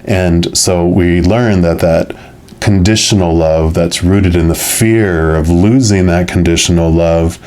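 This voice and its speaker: A low-pitched man talks through a weekly tarot reading for his viewers. His delivery is soft and musing, full of loose phrases that circle back on themselves. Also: fairly even intonation, unhurried. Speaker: tarot reader.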